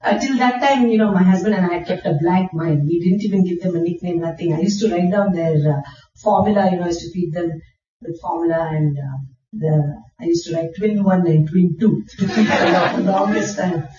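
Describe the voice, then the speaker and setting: A middle-aged woman, giving a personal testimony talk and telling stories with soft laughs and many fillers. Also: on the low side, moderate pace, a little hiss or hum. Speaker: guest speaker. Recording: echoey hall, distant dull mic.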